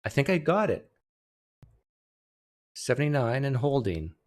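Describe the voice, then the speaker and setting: A man's voice: mid-range voice, very animated, unhurried. A man hosting a casual livestream, joking sarcastically while he fights his microphone settings at a home streaming setup. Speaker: host. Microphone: desktop streaming mic.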